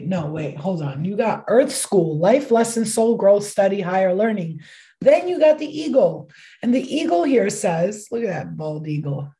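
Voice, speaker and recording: Mellow, chatty woman tarot reader. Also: lowish voice. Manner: chatty, rambling, swears casually. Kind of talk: casual livestream tarot reading.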